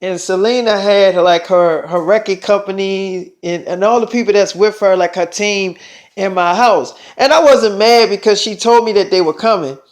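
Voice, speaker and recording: A man's voice: high-pitched, normal speed. A young man telling a long made-up story in a loose, rambling way, full of fillers and swearing. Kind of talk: casual storytelling.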